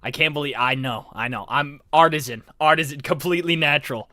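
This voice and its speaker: A man's voice: on the high side, brisk, bright, forceful tone, dry recording, clean studio sound. A young man streaming in character as a laid-back male skeleton fan character, casual, giggly and self-mocking. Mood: easygoing. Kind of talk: in-character livestream chat.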